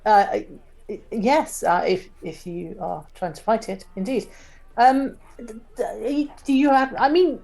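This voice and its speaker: A woman playing a tabletop game in character, polite and hesitant, with a halting delivery. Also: on the high side, creaky, darkish tone. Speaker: player.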